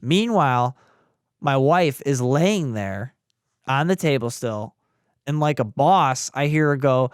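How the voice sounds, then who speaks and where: A man's voice: mid-range voice, takes it slowly, clear, resonant tone, no room sound, studio quality. A young man, a podcast co-host, casually telling a story and acting out the voices of the people in it. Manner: animated, acts out voices in the retelling.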